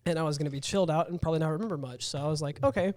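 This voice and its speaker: A young man in his twenties co-hosts a podcast, his voice a little high and a little mellow, steady in tone and very fast. Nursing a sore jaw after wisdom teeth removal, he tells a rambling story in casual chat, acting out the quotes. The recording is dry and studio quality.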